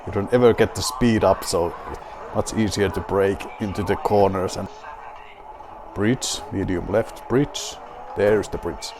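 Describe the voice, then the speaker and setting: A man with a Finnish accent plays a rally game while he drinks beer, and he keeps up a wry, mock-grand commentary to himself. His voice sits fairly low and he talks slowly. There is a faint hiss under the voice. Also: fairly even intonation. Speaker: gaming video host.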